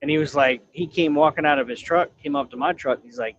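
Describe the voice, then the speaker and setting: A man's voice: on the high side, fast talker, highs cut off, a little hiss or hum. A man driving a truck and chatting casually on a livestream, profane, laughing and telling stories. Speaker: truck driver.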